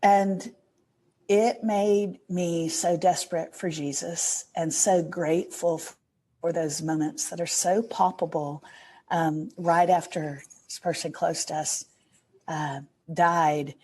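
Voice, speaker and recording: A woman's voice: fairly low pitch, steady tone, slow, a little mellow, breathy edge. A middle-aged woman, a podcast guest, telling an earnest and emotional story in a casual interview.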